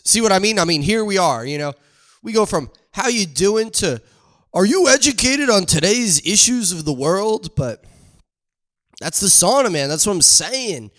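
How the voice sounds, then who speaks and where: A man hosting a podcast, telling a casual rambling story with playful exaggeration and frequent asides. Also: mid-range voice. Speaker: podcast host.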